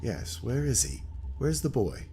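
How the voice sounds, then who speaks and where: A man voicing a stern adult son who questions his mother in a slow, measured way. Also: mid-range voice, huge pitch swings, creaky, warm tone, breathy edge, faint music behind, exaggerated voice. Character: stern adult son, cold lawyer type.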